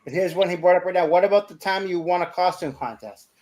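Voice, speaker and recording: A man's voice: high voice, quick pace, darkish tone. A man hosting a podcast, telling a casual anecdote animatedly, with stumbles. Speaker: podcast host. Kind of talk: casual storytelling.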